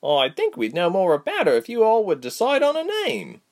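A man's voice: sits high, huge pitch swings, voice pushed up, full character voice. A man doing a blunt young island woman. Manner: blunt, quick-witted.

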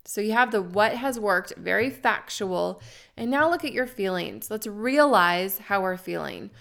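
A woman's voice: medium pitch, lively intonation, vocal fry, a bit bright. Earnest woman coaching her listeners. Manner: earnest, encouraging, slows down to stress key words. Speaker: podcast host.

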